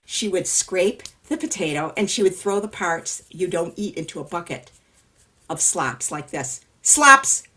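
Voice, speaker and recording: A woman from California telling a story to a live audience, animated and sing-song, inviting listeners to join in. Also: on the low side, normal speed, slightly rough. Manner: animated, sing-song, repeats sound words. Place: storytelling festival workshop.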